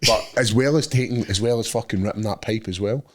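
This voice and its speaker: A man's voice: fairly low pitch, a little fast. A Scottish man in his thirties, co-hosting a podcast in casual chat, telling stories animatedly and swearing freely. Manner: swearing, animated storytelling with voices for others. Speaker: podcast co-host.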